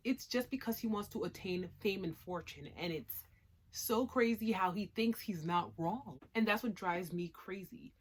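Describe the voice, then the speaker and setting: A woman hosting a casual spoken review, talking emphatically and moving from hushed remarks to loud outbursts. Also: lowish voice. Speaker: anime reviewer.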